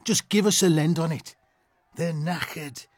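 Guy playing brummie patroclus, loyal young warrior, earnest and pleading, a bit higher voice, dry sound. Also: a little slow, no room sound. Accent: Birmingham. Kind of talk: radio drama acting.

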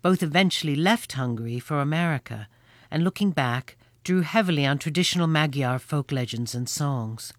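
Thoughtful, measured essay narrator. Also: mid-range voice, animated, no room sound, studio quality. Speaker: host, essayist. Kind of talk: reflective scripted narration.

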